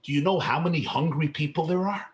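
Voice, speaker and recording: A man voicing a calm, encouraging elderly rabbi. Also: a little high, fast, close to an everyday voice. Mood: earnest.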